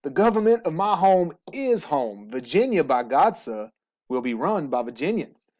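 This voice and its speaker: Man doing a southern gentleman voice, proud, drawly, a bit louder. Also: fairly high pitch, big pitch swings, moderate pace. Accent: American Southern.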